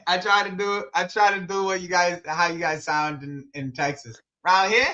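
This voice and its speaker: Picture a young man riffing through a live football watch-along, loose and slangy, tossing in "bro" and laughing between thoughts. His voice sits fairly high and sounds bright and forceful. It comes through a slightly muffled, lo-fi mic. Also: normal speed. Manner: animated, slangy, says "bro" a lot, laughs often. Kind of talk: casual live commentary chat.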